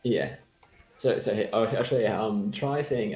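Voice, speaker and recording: A man's voice: fairly low pitch, a little slow, darkish tone. A man with an Australian accent, casually commentating a live game tournament stream and joking around. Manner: joking, chatty, laughs often. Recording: echoey room with faint music.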